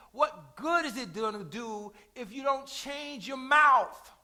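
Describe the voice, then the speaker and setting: A man preaching a sermon in call-and-response style, repeating lines for emphasis and rising to shouts at key points. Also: extremely high pitch, animated, takes it slowly.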